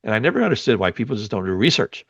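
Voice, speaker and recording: A man's voice: lowish voice, big pitch swings, racing, fairly bright tone, no echo. A man co-hosting a podcast, casually chatting with an opinionated, grumbling, sarcastic manner. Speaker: podcast co-host. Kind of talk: casual chat.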